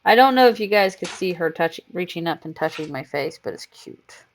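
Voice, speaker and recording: A woman's voice: lowish voice, expressive, fairly quick, slight background noise. Chatty woman streamer cooing at her cat. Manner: coos baby talk to her cat between game chatter. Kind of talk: casual live game-stream chat.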